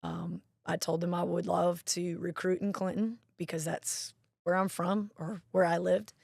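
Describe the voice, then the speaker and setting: Woman, chatty storyteller, low-ish voice, gravelly. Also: flat delivery, measured pace, a little mellow, no room sound, studio quality. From Mississippi. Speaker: interview guest, National Guard marketing director. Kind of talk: casual interview chat.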